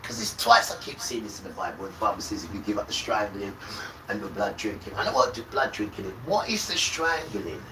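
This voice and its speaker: A man on a livestream delivering an impassioned religious rant, preachy and accusing. He swings from loud outbursts to low muttering. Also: sing-song, a little fast. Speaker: livestream host. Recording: roomy, distant mic with loud background noise.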